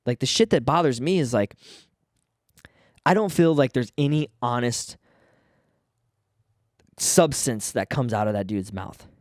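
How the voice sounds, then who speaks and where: A man alone at the mic on his podcast, fired up and cursing as he trips over his own restarts. His voice sits at an ordinary middle pitch. The sound is dry and close, with no room around it. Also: lively intonation, measured pace, long pauses, no echo. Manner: fired-up, swearing, stumbling restarts. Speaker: podcast host. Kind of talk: casual solo podcast rant.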